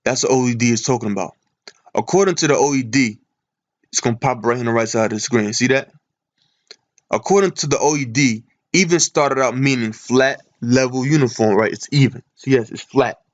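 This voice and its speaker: A man giving a Bible lesson from his computer screen, asking and answering his own questions as he reads. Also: medium pitch. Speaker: Bible teacher. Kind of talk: screen-share scripture lesson.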